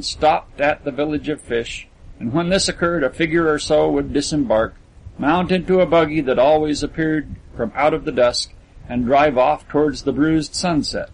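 A man narrating a literary story as an audiobook, in a measured storytelling manner. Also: fairly high pitch, creaky, slight background noise, poor audio.

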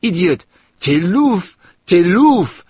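Man doing a loud scolding woman, Maria. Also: big pitch swings, slow pace, husky, no room sound, studio quality, exaggerated voice. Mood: excited. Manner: shrill scolding outbursts.

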